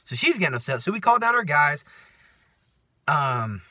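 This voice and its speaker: Guy ranting on his vlog, cussing a lot, bright lively voice, dry sound. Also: on the high side, moderate pace, no room sound. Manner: profane, ranting, sarcastic. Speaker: vlogger. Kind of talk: casual storytime rant.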